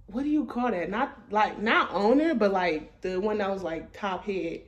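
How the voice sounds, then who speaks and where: A woman's voice: medium pitch, animated, normal speed, hardly any pauses. A woman in her twenties, a vlogger, telling a casual story in blunt, profane slang and laughing as she goes.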